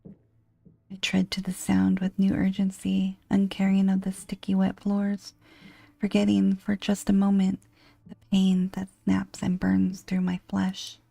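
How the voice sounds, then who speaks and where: A woman reading a horror game aloud in a hushed, breathy whispered role-play. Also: medium pitch, completely flat delivery, unhurried, dry recording. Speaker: game narrator.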